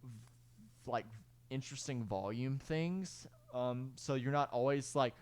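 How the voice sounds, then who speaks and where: This young man's voice is medium-pitched, clear, resonant and a little mellow, moving at a measured pace. Using a clip-on mic, the music producer rambles through a casual screen-recorded tutorial of his own project, fixing his own slips, using fillers and singing out beats at times.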